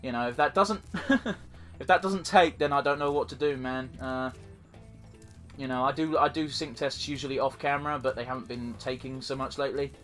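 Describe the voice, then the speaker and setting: A man's voice: mid-range voice, fairly even intonation, brisk, a bit bright, faint music behind. A man hosting a let's play, giving rambling, profane, self-deprecating commentary while he plays. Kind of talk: casual gameplay commentary.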